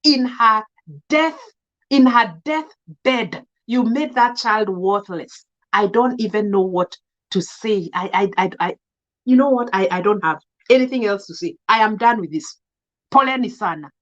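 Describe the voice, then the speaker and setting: Speaking at a medium pitch with a slightly bright, unhurried delivery, this Kenyan vlogger of about thirty scolds her audience in an impassioned commentary. She keeps repeating points and mixing Swahili into her English, sounding indignant, and the recording is dull.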